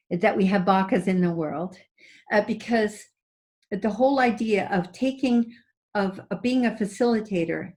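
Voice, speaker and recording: An older woman, a guest psychic on an interview show, telling personal stories in an expressive way and often laughing. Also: mid-range voice. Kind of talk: animated storytelling in conversation.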